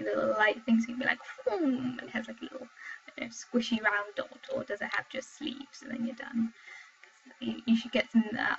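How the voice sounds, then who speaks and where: A young woman from Wales chatting with her viewers while commenting on her gameplay, excitable and talkative, in dull lo-fi home stream audio. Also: a little high, gravelly. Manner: chatty, excitable, exclaims at the game. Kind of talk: live gameplay commentary and chat.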